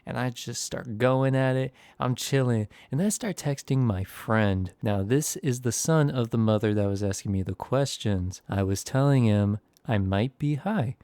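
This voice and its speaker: Laid-back young man with gravelly voice. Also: mid-range voice, moderate pace, hardly any pauses, darkish tone, no echo. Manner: laid-back, rambling, self-deprecating. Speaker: storytime YouTuber. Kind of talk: casual storytime narration.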